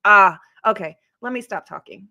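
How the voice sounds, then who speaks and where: A woman's voice: mid-range voice, normal speed, pushed and bright, muffled recording. A woman hosting a casual true crime livestream, chatting in a rambling way and answering comments from her live chat. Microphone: streaming setup.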